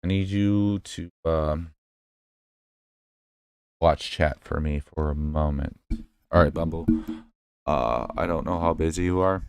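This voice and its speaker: A man hosting a livestream, casually reacting to clips with a slow, lecturing manner. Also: a bass voice, a little mellow, clear, resonant tone, no room sound. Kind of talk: casual reaction stream chat.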